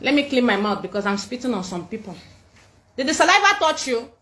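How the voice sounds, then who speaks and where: With big pitch swings and a brisk pace, this Nigerian woman's fairly high voice sounds pushed and bright. She hosts a livestream, scolding, defiant and repeating herself into a phone in an echoey room.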